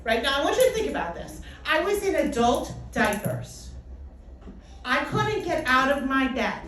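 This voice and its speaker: A middle-aged woman giving a personal testimony talk, telling her story in a lively way and acting out what people said. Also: high-pitched, normal speed, faint music behind. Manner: animated storytelling with acted-out quotes. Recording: echoey hall, distant mic, faint noise.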